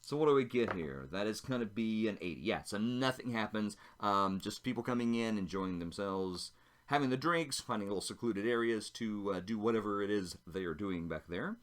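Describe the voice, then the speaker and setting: A man's voice: lowish voice, moderate pace. A man narrating a solo tabletop role-playing game, chatting casually and thinking aloud as he rolls dice.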